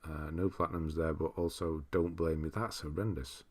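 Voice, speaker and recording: Male streamer host, deep voice, mild northern English accent, relaxed rambling chat. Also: normal speed. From northern England. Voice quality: relaxed, rambling, chuckles often. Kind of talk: casual livestream chat reading viewer comments aloud.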